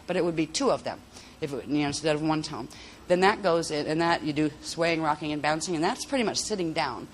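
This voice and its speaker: Chatty, rambling workshop instructor at mid pitch. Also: animated, fairly quick, few pauses, a little hiss or hum. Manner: rambling, chatty, with frequent restarts and laughter. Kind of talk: casual spoken lesson on vocal toning. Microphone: handheld mic.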